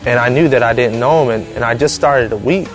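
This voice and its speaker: A man's voice: mid-range voice, soft background music. Man giving an earnest testimony. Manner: earnest, halting, emotional storytelling. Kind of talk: personal testimony.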